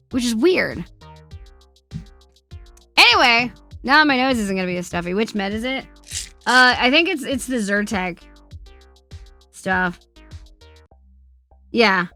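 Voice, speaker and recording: A woman's voice: on the high side, sharp tone. A woman streamer in casual live-stream chat, reading viewer questions aloud and answering with profane, teasing banter. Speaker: streamer host.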